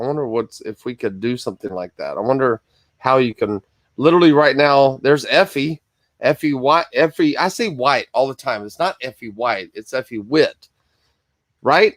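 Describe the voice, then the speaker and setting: Man, live-stream Bible study host, casual and rambling, mid-pitched voice, dry close sound. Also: normal speed, no room sound. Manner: chatty, greets viewers by name, rambling asides. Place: Michigan.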